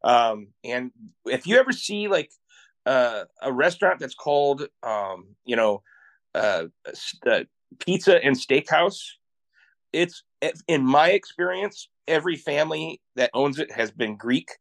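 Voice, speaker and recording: A man from Iowa, a podcast guest, telling travel stories in an animated, excitable way and laughing often. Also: medium pitch, unhurried, gravelly. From Iowa, USA. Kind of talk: casual interview storytelling.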